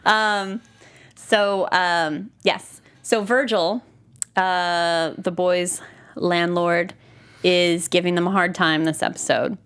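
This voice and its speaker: A woman's voice: fairly low pitch, fairly even intonation, takes it slowly, a bit bright, clear, resonant tone. A woman co-hosting a podcast in a studio, chatting casually about a TV show, rambling with lots of fillers and restarts. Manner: rambling, full of fillers and restarts, laughs easily. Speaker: podcast co-host. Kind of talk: casual chat recapping a TV show. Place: recording studio.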